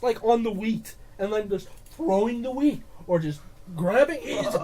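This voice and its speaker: A man's voice: high-pitched, normal speed. Male podcast co-host, rants and swears about films in loose casual talk. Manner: animated ranting with swearing. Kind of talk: casual movie review chat.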